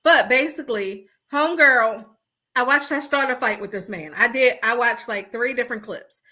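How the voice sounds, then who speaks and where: A woman's voice: fairly high pitch, normal speed. A woman hosting a podcast in casual chat over an internet call, telling stories with animation and acting out what people said. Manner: animated storyteller who acts out quotes. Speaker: podcast host. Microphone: remote call over the internet.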